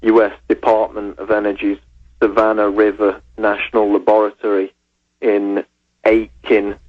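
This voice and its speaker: A male researcher and writer calling in to a radio show, speaking in a measured way and citing articles. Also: lowish voice, monotone. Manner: measured, reads titles and sources. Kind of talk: phone-in radio interview. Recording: muffled phone line on radio.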